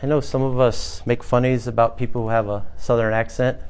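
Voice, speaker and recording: A man's voice: mid-range voice, level tone, fairly quick, darkish tone, clear, resonant tone. A man, the pastor, preaching a conversational sermon to his church congregation, building to emphatic passages. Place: small church, former bank building.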